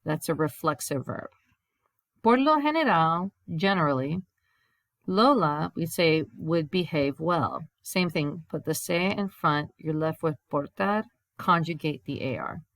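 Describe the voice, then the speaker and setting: Low-voiced woman teaching a grammar lesson. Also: a little slow, no room sound. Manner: explains step by step, reads examples in Spanish then English. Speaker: Spanish teacher. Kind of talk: recorded grammar lesson over slides.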